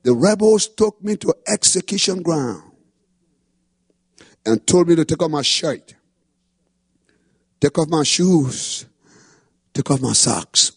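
Male pastor, husky tenor, fervent sermon delivery, dry close sound. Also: fairly high pitch, no echo. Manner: impassioned preaching, rising to shouts. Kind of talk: sermon testimony.

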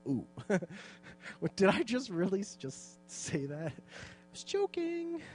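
A man's voice: medium pitch, steady tone, racing, faint music behind, voice pushed down, lightly acted. A man voicing an impetuous young fisherman apostle who blurts things out in casual slang. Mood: alarmed.

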